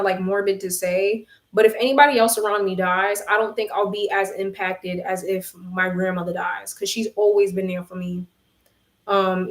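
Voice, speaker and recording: A woman's voice: mid-range voice, echoey room. A young woman vlogger venting frankly to her phone camera, swearing and addressing her viewers as y'all. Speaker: vlogger and tarot reader.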